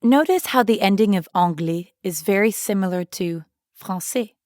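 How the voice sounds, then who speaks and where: A woman co-hosting a scripted language lesson, speaking clearly and encouragingly. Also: medium pitch, moderate pace, darkish tone, no room sound, clean studio sound. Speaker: French teacher.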